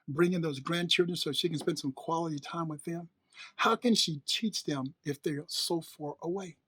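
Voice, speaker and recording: Man doing a preachy monologue, kinda husky, dry close sound, keeps asking questions. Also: on the high side, fairly bright tone, no room sound. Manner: preachy, rhetorical questions, emphatic repetition. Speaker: host. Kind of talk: motivational monologue.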